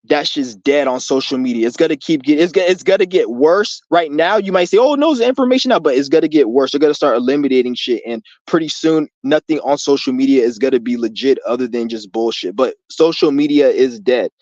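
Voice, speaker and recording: A man's voice: medium pitch, brisk, few pauses, darkish tone, dry recording, dull audio. A young man hosting a livestream Q&A outdoors in the rain, rambling in loose, profane street talk full of restarts. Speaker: streamer hosting a Q&A.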